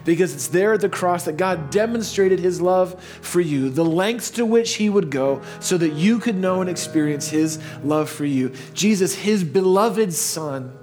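A man preaching a sermon. He tells a story casually, then slows into hushed, earnest appeals. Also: sits high, expressive, faint music behind. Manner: storytelling, swings between playful baby talk and slow hushed earnestness. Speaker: pastor.

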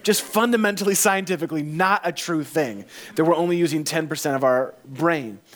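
A man's voice: a little high, a little fast, a bit bright. A man in his forties preaching a sermon as a pastor, conversational and joking, often repeating phrases.

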